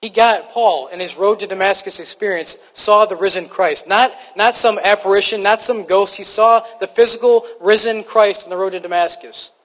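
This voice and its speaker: High-voiced male preacher in a reverberant church. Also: moderate pace, few pauses, fairly bright tone. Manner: conversational, self-deprecating, frequent restarts. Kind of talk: sermon. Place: church hall.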